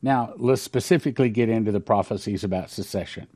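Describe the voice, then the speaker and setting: A man's voice: lowish voice, fast talker, a little mellow. Male host, emphatic and preachy, reads prophecy passages and stresses the numbers. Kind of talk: reading and commenting on prophecies.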